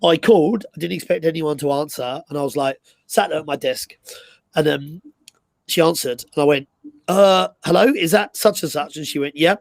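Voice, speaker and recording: Male co-host, rambling anecdotal chat, slightly high pitch. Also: steady tone, a little fast, gravelly, no room sound, rough recording. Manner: storytelling, many fillers and restarts. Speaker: co-host and recruiter. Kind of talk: casual live chat.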